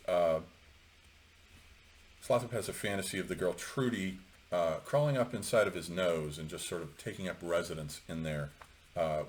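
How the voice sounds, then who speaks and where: A middle-aged man with a very low, deep voice lectures on a novel off the cuff. He rambles and hesitates with plenty of ums and uhs, then turns sharply opinionated. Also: a little hiss or hum. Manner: rambling, opinionated, many fillers. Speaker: lecturer on literature. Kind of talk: unscripted book commentary.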